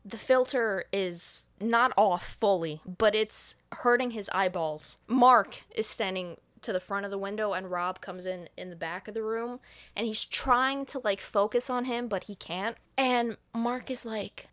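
A woman co-hosting a podcast, recapping a movie in a casual, profane, animated way, often breaking into laughter. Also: mid-range voice, moderate pace. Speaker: podcast co-host.

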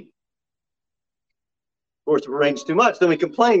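Pastor preaching a sermon. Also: male voice, lively intonation, measured pace, pauses often. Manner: preaches with sudden loud high-pitched mock quotes. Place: church sanctuary. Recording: slightly dull lo-fi sermon recording.

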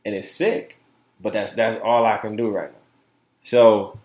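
A man hosting his own podcast, talking in an impassioned, profane way, repeating words and swinging from loud outbursts to quiet asides. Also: lowish voice, level tone, a little slow, echoey room. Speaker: podcast host. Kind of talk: casual opinion podcast monologue.

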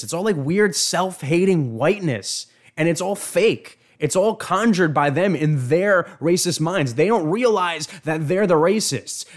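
A man hosting an opinion commentary on video clips, indignant and emphatic, often stumbling and repeating words. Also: fairly high pitch. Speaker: show host.

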